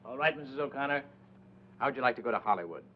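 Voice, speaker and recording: A man playing a smooth fast talent scout. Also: medium pitch, expressive, slight background noise, natural voice. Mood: courteous. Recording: dull old film soundtrack.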